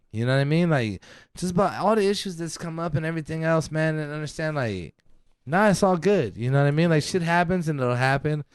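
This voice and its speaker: A man's voice: fairly high pitch, clean tone, dry recording, clean studio sound. A man co-hosting a podcast, telling a long casual story full of swearing, laughs and acted-out quotes. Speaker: podcast co-host.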